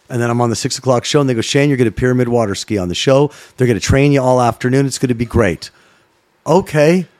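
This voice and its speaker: A middle-aged man from Canada, a former sports broadcaster, telling a story in a casual chat, animated and swearing freely. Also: medium pitch. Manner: animated, swearing, acts out voices in his stories.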